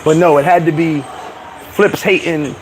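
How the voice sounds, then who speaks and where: A man's voice: a little high, fairly even intonation, moderate pace, faint music behind. A man vlogging in a casual rant to camera, brash and profane, boasting and laughing often. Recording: noisy outdoor street recording.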